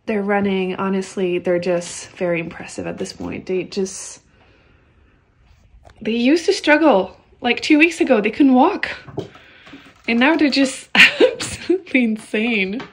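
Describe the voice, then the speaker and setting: A woman's voice: mid-range voice, animated, measured pace. A young woman vlogging at home, bluntly ranting about a book and cooing at her kittens. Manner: cooing baby talk to kittens. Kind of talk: casual vlog chat.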